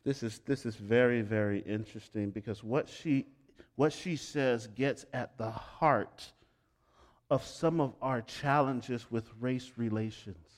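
A middle-aged male pastor preaching a sermon, swinging between loud emphatic lines and hushed quiet ones. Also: medium pitch, a little slow.

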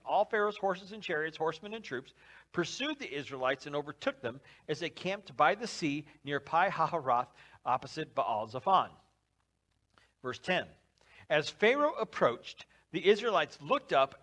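A pastor preaches a sermon in a lively, conversational style, acting out scripture quotes and dropping his voice low for emphasis.

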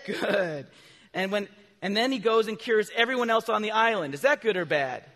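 A man preaching a children's sermon, asking his listeners questions and answering them himself, with animated bursts of loud emphasis. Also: sits high, normal speed, a little hiss or hum. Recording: long reverb from a large hall.

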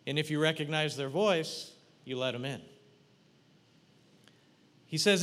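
Man, preacher, sermon, guided imagery, playful, animated, slightly high voice, long hall reverb. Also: unhurried, long pauses. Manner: animated, playful, addresses congregation directly.

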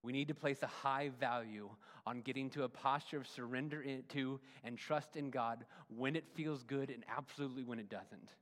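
A male pastor preaching a sermon, swinging from loud emphatic runs to hushed, soft endings. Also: medium pitch, fairly even intonation, normal speed, few pauses. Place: church sanctuary. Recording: long reverb of a church hall.

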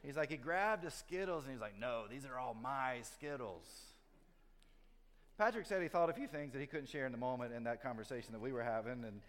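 Male pastor, mid-pitched voice, sermon delivery moving between animated storytelling and quiet earnestness, long church reverb. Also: fast talker, hardly any pauses. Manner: storytelling, shifts from lively to hushed and earnest. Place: church sanctuary.

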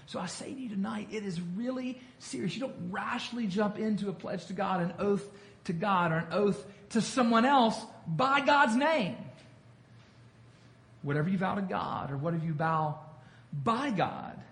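Man with a high voice, pastor leading a Bible study, conversational, asks questions, echoey room with faint noise. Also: lively intonation, moderate pace, a bit bright. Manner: conversational, repeats himself, asks the group questions. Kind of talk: interactive Bible teaching.

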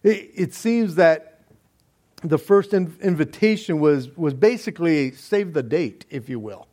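Slow, high-voiced male preacher. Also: animated. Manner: slow, deliberate preaching with soft laughs. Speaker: pastor. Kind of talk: sermon.

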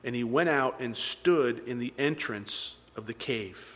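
A man's voice: medium pitch, unhurried, a bit bright. A man preaching a sermon to a congregation, retelling scripture in a conversational, earnest storytelling way. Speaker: pastor. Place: church hall with congregation. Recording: long hall reverb.

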